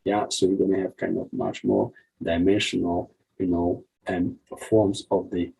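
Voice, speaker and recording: Man, husky dark voice, rambling tutorial instructor. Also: very animated, measured pace, rough recording. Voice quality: deep gravelly husky voice. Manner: rambling, frequent "yeah?" and "you see" checks. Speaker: art instructor. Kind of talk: drawing tutorial walkthrough.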